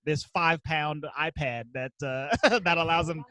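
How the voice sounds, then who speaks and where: A woman's voice: low-pitched, a little slow, fairly bright tone. A woman co-hosting a podcast, making wry jokes in casual talk about a movie. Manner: wry jokes, laughs often. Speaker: podcast co-host. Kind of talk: casual chat recapping a movie.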